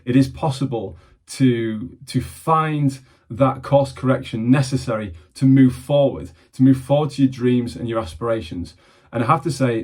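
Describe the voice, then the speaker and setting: A man from England talks earnestly and reflectively to camera in the manner of a mentor. His voice has a slightly husky grain at a mid pitch. He often doubles back on words as he restarts his phrases. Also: darkish tone. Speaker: mentor and vlogger.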